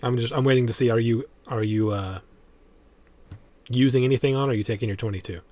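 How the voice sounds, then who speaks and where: A man running a tabletop game as game master, easygoing and quick to chuckle. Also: medium pitch, steady tone, darkish tone. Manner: easygoing, chuckling, laid-back.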